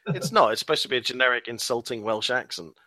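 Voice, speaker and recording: A man's voice: medium pitch, expressive, quick pace, bright, forceful tone. A man co-hosting a football podcast, teasing his co-host in dry, joking banter. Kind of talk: casual chat.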